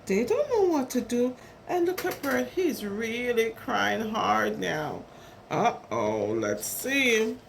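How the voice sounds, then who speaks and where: Woman reading a kids' story out loud, high voice, slow, bouncy, stops to talk about the pictures. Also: gravelly, slight background noise. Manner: animated, chatty, commenting on the pictures. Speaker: storyteller for preschoolers. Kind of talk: reading a picture book aloud.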